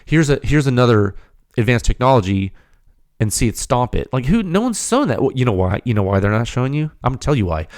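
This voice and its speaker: Hoarse, emphatic man lecturing straight to the audience. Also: fairly low pitch, a little mellow. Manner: emphatic, rhetorical, repeats himself, talks straight to the audience. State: slightly hoarse, losing his voice. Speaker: podcast host, firearms silencer researcher. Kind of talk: unscripted technical monologue.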